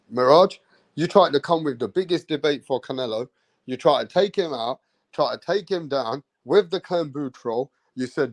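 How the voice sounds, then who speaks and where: A man hosting a casual live-stream chat, teasing and goading a guest with loud rapid taunts. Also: on the high side, dry recording. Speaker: show host.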